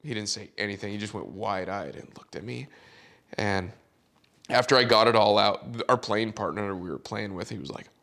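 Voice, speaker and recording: Gravelly-voiced man telling a story. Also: lowish voice, moderate pace. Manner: animated storyteller, acts out quotes. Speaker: caddie. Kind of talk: storytelling on a podcast.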